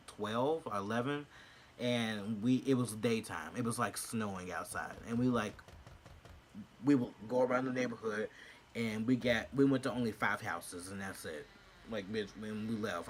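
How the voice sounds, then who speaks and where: A young man telling a storytime vlog in an animated, profane way, swinging from shrieks to low murmurs. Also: slight background noise. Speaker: vlogger.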